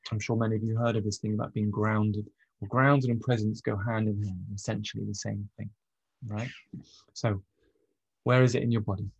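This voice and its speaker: A man coaching on trauma and stress, explaining in a relaxed, conversational way, with frequent pauses and restarts. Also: mid-range voice, vocal fry, breathy edge, dry recording, lo-fi sound. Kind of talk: casual teaching monologue.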